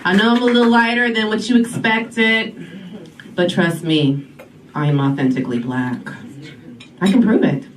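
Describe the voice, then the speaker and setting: A woman's voice: mid-range voice, normal speed, pauses often, recorded from a distance, slight background noise. A brash woman in her forties doing a stand-up comedy set, calling the audience y'all. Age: 40s. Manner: brash, sassy, addresses crowd as y'all. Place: comedy club stage. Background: loud audience laughter.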